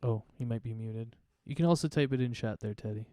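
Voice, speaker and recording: A man playing a tabletop game over voice chat, talking in a relaxed, rambling way with many fillers. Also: medium pitch, fairly quick, dry recording, studio quality. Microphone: online voice chat mic.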